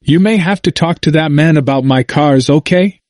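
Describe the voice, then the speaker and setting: A man's voice: fairly high pitch, moderate pace, darkish tone, no echo, clean studio sound, voice pushed up, lightly acted. A man reading an audiobook voices a confused, frightened older man who speaks emphatically in a plain dialect and repeats himself. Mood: emphatic.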